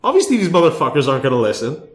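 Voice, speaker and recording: A man's voice: fairly high pitch, sing-song, racing. A man hosting a podcast, telling a story with lots of swearing and filler words. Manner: swears a lot, fills with "like". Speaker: podcast host. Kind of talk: animated storytelling. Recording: echoey room.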